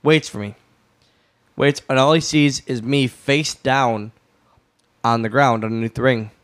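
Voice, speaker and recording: A man guesting on a podcast, telling a backstage story in a lively way and swearing freely. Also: medium pitch, unhurried.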